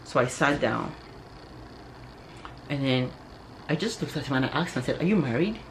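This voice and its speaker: A young adult woman vlogger telling a personal story in an animated, chatty way, peppered with "like" and "yo.". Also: very deep voice, normal speed, slight background noise. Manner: animated, chatty, heavy use of "like" and "yo". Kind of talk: casual storytelling to camera.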